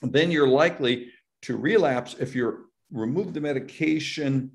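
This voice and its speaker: At a measured pace, a professor of psychology lectures over video, his mid-range voice carrying vocal fry. He acts out worried patients and often restarts or repeats himself while explaining.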